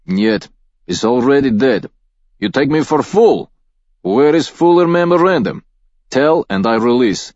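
A man's voice: mid-range voice, animated, measured pace, long pauses, darkish tone, no room sound, dull audio, pitched above the performer's own voice, natural voice. Man doing a thick-accented Eastern European heavy, threatening, broken English. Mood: menacing. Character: menacing male cultist thug with Eastern European accent.

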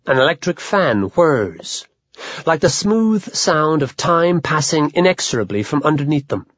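A man narrating a literary audiobook in a measured, even manner. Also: on the high side, no echo. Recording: dull lo-fi dry audio.

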